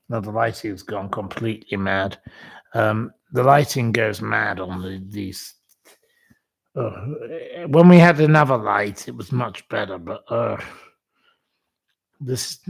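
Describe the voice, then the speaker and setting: A man chats his way through a live stream, unhurried and apologetic, dropping the odd swear word. His voice has a gravelly edge. The sound is dry and close from a computer mic. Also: lowish voice, no room sound. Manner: chatty, self-deprecating, apologetic, swears casually. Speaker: livestream host. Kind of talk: casual live-stream chat with quiz. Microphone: computer webcam mic.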